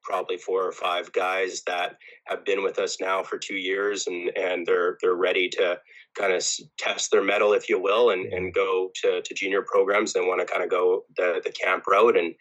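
A man's voice: low-pitched, a bit bright, poor audio. A man, a head football coach, talking earnestly as a guest in a casual podcast interview. He often repeats words as he gathers his thoughts.

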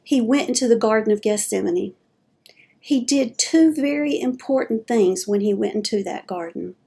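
A woman's voice: on the high side, expressive, moderate pace, gravelly, warm tone, husky. A middle-aged woman giving an earnest, homespun, faith-based personal talk as a dementia advocate. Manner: earnest, homespun storytelling with folksy phrasing.

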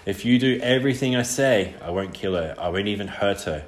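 A man voicing a cold, menacing adult killer who speaks in a smooth, mocking, threatening way in an audiobook reading. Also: lowish voice, animated, brisk, close to an everyday voice. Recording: roomy echo.

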